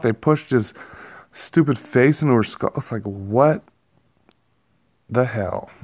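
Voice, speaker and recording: Guy ranting about a movie he loved, swears a lot, laughs at himself. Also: medium pitch. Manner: rambling, profane, laughs at himself. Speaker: movie reviewer. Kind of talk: casual movie review vlog.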